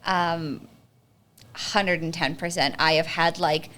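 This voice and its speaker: A young adult woman co-hosting a podcast, telling stories in a dramatic, expressive way in casual chat. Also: low-pitched, slow pace. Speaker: podcast co-host.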